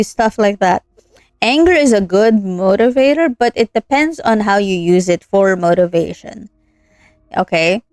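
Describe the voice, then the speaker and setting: A woman's voice: mid-range voice, unhurried, darkish tone, no room sound. A young woman streaming a story game, ranting earnestly between lines with lots of fillers. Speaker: streamer playing a visual novel. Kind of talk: casual gameplay commentary.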